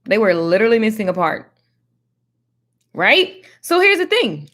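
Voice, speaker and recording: A woman giving casual Bible teaching in a slangy, animated, preachy way. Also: mid-range voice, measured pace, long pauses. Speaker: faith teacher.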